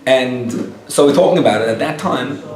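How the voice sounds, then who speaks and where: A man's voice: mid-range voice, moderate pace. Guy rabbi telling a story to a crowd, lots of acted-out lines, roomy echo, sounds a bit far from the mic. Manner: animated storyteller acting out quoted dialogue. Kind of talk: storytelling lecture. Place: lecture room with a live audience. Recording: echoey room, picked up from a distance.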